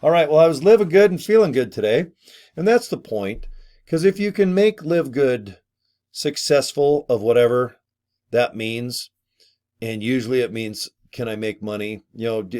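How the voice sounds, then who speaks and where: Chatty excitable middle-aged man vlogging. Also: medium pitch, moderate pace. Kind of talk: casual talk to camera.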